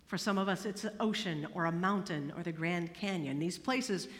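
A woman preaching a sermon, expressive, moving between hushed, slow passages and emphatic ones. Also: fairly low pitch. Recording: long hall reverb.

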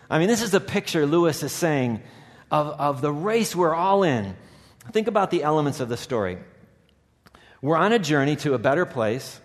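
Preacher, male, slightly high voice, long church reverb, swings from hushed prayer to urgent calls. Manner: builds to urgent emphatic peaks. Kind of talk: sermon with read-aloud story.

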